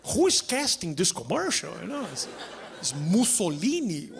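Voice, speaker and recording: A man doing stand-up, animated and acting out quick voices on a club stage. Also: sits high, gravelly, noisy background. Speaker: stand-up comedian. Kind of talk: stand-up comedy set. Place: comedy club stage with audience.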